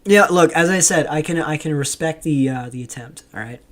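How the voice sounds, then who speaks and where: A man's voice: fairly high pitch, fairly quick. A man from Canada hosting a livestream, rambling with lots of ums as he reads viewer chat aloud and answers it. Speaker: livestream host. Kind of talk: casual livestream commentary.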